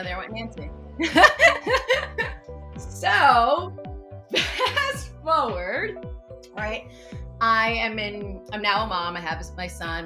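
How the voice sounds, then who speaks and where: A woman in her forties, a podcast guest, telling a personal story in a dramatic, expressive way and laughing often. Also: medium pitch. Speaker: podcast guest, teacher and meditation coach. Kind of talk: animated storytelling in an interview.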